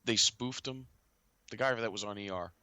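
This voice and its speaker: A man's voice: fairly low pitch, moderate pace, pushed and bright, clean tone, dry recording. A man hosting a casual talk show who rambles from one point to the next and often trails off. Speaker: podcast host.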